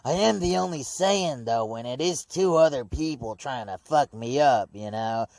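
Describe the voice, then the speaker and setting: Brief: man playing a rambling, apologetic young warrior, a little higher than his own voice, dry close sound. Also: expressive, moderate pace, darkish tone, no echo, natural voice. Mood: sheepish. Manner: loose slangy paraphrase, filler-heavy.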